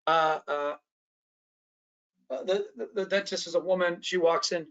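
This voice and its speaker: A man's voice: sits high, a little slow, fairly bright tone, highs cut off. A man presenting an online training workshop, talking conversationally and often checking in with his listeners.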